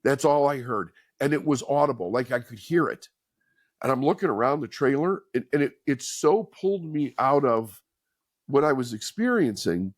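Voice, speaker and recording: A man's voice: medium pitch, expressive, moderate pace, no echo, studio quality. A middle-aged man, a podcast guest, telling his life story in an earnest, candid, conversational way. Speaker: podcast guest, author and speaker. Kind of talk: personal storytelling in an interview.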